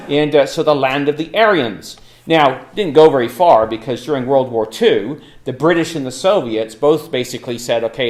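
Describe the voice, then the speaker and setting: A man talking through history in a loose, conversational lecture, full of fillers. His pitch moves about a lot and his voice rings in a roomy hall. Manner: casual, chatty, frequent ums and uhs. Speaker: Bible talk speaker.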